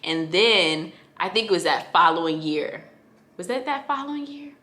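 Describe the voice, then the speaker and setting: Young woman vlogger, lowish bright voice, heartfelt and chatty, echoey room. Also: lively intonation, normal speed. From Connecticut, USA. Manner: casual, heartfelt, filler-heavy, addresses listeners as y'all. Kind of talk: candid personal storytelling.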